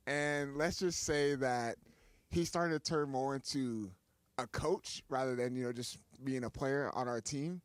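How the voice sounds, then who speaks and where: A man's voice: medium pitch, dry recording. Young man rambling on talk radio. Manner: rambling with frequent fillers and restarts. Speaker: radio show co-host. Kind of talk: casual studio chat. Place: radio studio. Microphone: studio microphone.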